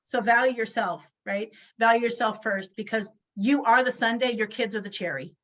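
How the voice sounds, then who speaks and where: A woman's voice: a little high, moderate pace, fairly bright tone, muffled recording. A woman in her forties giving a motivational talk over a video call, emphatic and full of rhetorical questions. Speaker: guest speaker.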